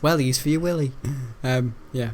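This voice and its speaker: A man's voice: medium pitch, moderate pace, faint music behind. A young man from Britain, rambling and giggling as he tells a school story while playing a game. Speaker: gaming video host. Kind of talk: casual gameplay commentary.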